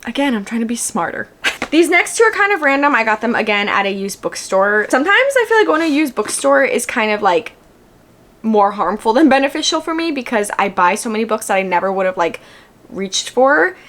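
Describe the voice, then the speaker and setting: A young woman vlogging casually at home, chatty and rambling with lots of filler "likes", gushing excitedly. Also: fairly high pitch. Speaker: book vlogger. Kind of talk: casual book haul vlog.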